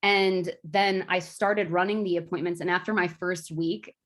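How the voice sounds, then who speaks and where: A young woman who works as an insurance agent, talking in an excited, effusive way in an interview. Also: fairly low pitch. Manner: bubbly, effusive, quick bursts.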